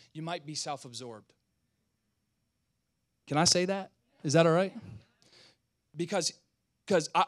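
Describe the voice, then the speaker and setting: A male pastor preaching a sermon, calling out to the congregation, swinging from loud outbursts to quiet, close talk. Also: a little high, dry recording. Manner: animated, swings between shouting and quiet; talks back and forth with the congregation.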